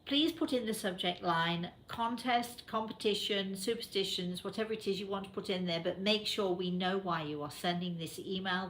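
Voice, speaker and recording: A woman's voice: mid-range voice, a bit bright. A woman from England with a British accent, hosting a talk show in a chatty way, addressing listeners directly with many fillers. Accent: British English. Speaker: host. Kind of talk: casual radio show talk.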